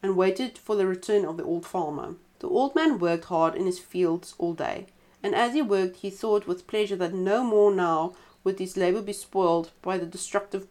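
A woman reading a folk tale aloud in a relaxed way, stopping now and then for chatty side comments. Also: mid-range voice. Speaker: storyteller.

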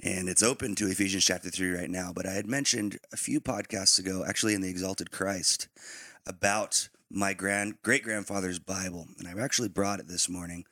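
Raspy-voiced man hosting a faith podcast. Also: deep voice, fairly even intonation, a little fast, bright, forceful tone, no echo. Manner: rambling, informal, with fillers. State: slightly raspy morning voice. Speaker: podcast co-host. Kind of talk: casual chat.

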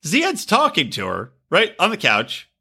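Bright, animated man ranting profanely. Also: sits high, unhurried, creaky, breathy edge. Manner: loud, profane, mocking, gets worked up. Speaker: podcast co-host. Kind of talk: casual chat.

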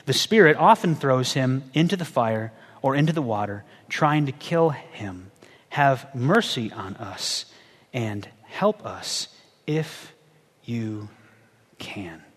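A man voicing a desperate, doubting father of a sick boy, pleading in a hushed, halting way, with a long hall echo. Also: high voice, animated.

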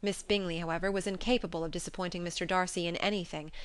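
A woman narrating a classic novel audiobook in an even, composed way. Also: fairly low pitch, fast, clean tone, no room sound.

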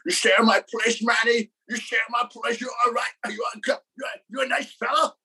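A man's voice: very high-pitched, steady tone, fairly quick, pushed and bright, husky, voice pushed up, heavily acted. A man doing a put-on Irish accent to voice a generous construction worker friend. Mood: hospitable. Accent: mock Irish.

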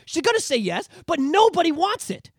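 A podcast co-host in casual chat, ranting with lots of swearing and animated outbursts, recorded on a podcast microphone. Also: extremely high pitch, normal speed, no room sound, studio quality.

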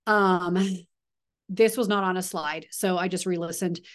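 A woman's voice: lowish voice, fairly even intonation, unhurried. A woman in her thirties leading a team video call, chatty and upbeat with frequent asides and coaching pep.

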